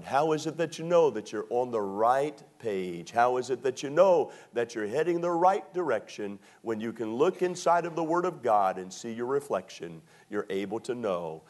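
Man preaching a slow, storytelling sermon. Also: medium pitch. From Maryland, USA. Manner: storytelling with slow drawn-out emphasis and fillers.

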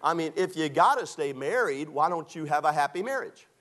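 A man's voice: fairly high pitch, fairly quick. Preacher man in his sixties. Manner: lively preaching, reads scripture aloud, folksy storytelling. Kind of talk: sermon.

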